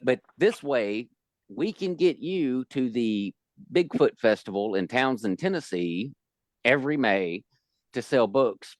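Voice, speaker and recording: A man hosting a podcast in a relaxed, joking casual chat. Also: medium pitch, dry recording. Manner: joking, easygoing. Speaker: podcast host. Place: home, indoors.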